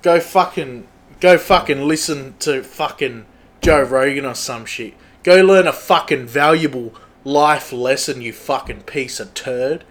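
A man's voice: mid-range voice, unhurried. A young man, ranting casually and profanely as a podcast host, rambling with many restarts. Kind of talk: casual rant.

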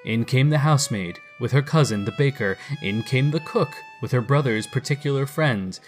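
A man narrating a classic storybook in a lively, expressive reading. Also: mid-range voice, normal speed, faint music behind.

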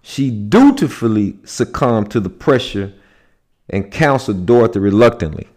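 A man from the United States giving a deliberate lecture on symbolism, pausing to check in with his listeners. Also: fairly low pitch, animated, darkish tone. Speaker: speaker.

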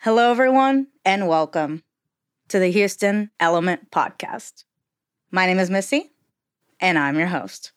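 A woman's voice: on the low side, a little slow, no echo, clean studio sound. A woman hosting a podcast, bubbly and playful, with folksy sayings. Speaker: podcast host. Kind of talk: casual podcast interview.

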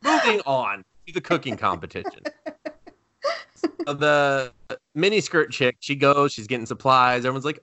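Animated man recapping anime, swearing freely. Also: medium pitch, normal speed, no room sound. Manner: animated, swearing, acts out quotes in exaggerated voices. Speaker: podcast co-host. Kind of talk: casual chat recapping anime.

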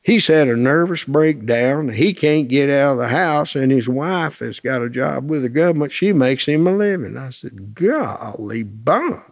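Gravelly folksy male storyteller. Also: medium pitch, moderate pace, few pauses. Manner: plainspoken, colloquial anecdotes with quoted dialogue.

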